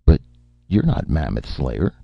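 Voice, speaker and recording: Guy doing a drunk confused robot, slow and slurry, super deep and gravelly. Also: wildly swooping pitch, dry recording, highs cut off, faint music behind, exaggerated voice. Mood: muddled. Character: tipsy, confused, forgetful male robot.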